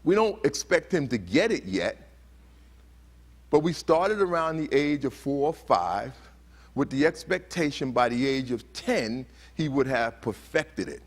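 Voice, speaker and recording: A man's voice: mid-range voice, expressive, unhurried. Earnest man giving a conference talk. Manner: earnest, asks the audience questions and acts out heated quotes. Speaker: conference speaker. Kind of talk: motivational talk to a live audience. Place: conference hall.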